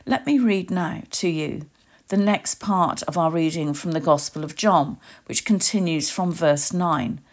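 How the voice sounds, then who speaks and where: Woman preaching real slow and soft, kinda low voice, meditative short lines. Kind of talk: reflective sermon with guided imagining.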